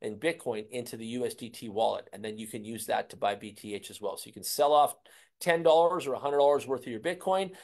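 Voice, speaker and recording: A man's voice: mid-range voice, quick pace, creaky, a little mellow. A man in his forties, enthusiastic and salesy, talking casually through a screen-share walkthrough and repeating himself. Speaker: crypto promoter presenting a screen walkthrough.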